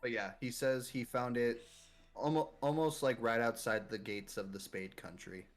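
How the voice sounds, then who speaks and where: A man narrating as game master of a tabletop game, laid-back and halting. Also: medium pitch, faint music behind.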